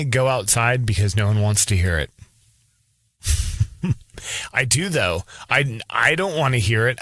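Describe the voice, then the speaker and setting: A man's voice: medium pitch, fairly bright tone, dry recording. Candid rambling teacher, man. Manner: candid, rambling, frequent restarts. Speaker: elementary school teacher. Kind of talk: casual opinion monologue.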